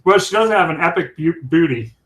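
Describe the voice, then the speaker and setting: A man's voice: on the high side, animated, a little fast, a bit bright, rough recording. A man co-hosting a casual chat show, talking in a rambling, chatty way. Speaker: co-host.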